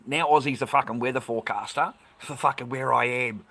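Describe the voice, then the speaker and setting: A man's voice: medium pitch, brisk, bright, forceful tone. A man in his fifties with an Australian accent, ranting bluntly and swearing a lot as he chats casually with viewers on a livestream. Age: 50s. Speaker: livestream host.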